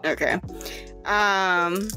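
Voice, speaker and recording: A woman's voice: mid-range voice, fairly even intonation, extremely slow, bright, forceful tone, faint music behind. A woman narrating as game master of a tabletop game, giggly and conversational.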